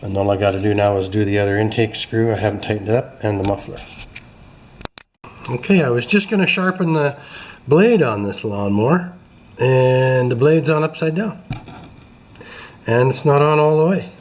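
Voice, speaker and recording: A man's voice: medium pitch, normal speed, long pauses, a little mellow. A man who runs a repair shop, casually talking through his work step by step, with self-deprecating and apologetic asides. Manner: chatty, explains each step as he works. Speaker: small-engine repair shop owner. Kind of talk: casual hands-on repair walkthrough. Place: repair workshop.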